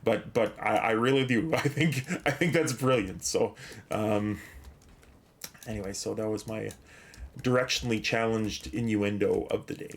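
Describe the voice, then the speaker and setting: A man's voice: on the low side, moderate pace, slight background noise. A man streaming a game, chatting casually, rambling with many fillers and restarts, a little out of breath as he thanks viewers and reads chat.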